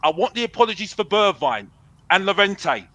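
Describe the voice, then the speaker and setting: High-voiced, bright fan ranting. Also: male voice, very animated, normal speed, no room sound, low-quality recording. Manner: repetitive, defiant, says bruv a lot. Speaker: fan caller on a football show. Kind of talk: heated fan rant.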